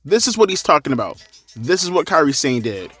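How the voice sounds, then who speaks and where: A man's voice: a little high, big pitch swings, a little fast, a bit bright, faint music behind. A young man hosting a crude, sarcastic rant commentary, cursing heavily. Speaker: commentary channel host.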